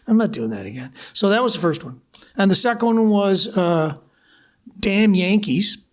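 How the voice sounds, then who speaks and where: An older man from Canada, a guest musician, telling lively anecdotes at a live interview and acting out old phone calls. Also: high-pitched, normal speed. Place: live bar venue with audience.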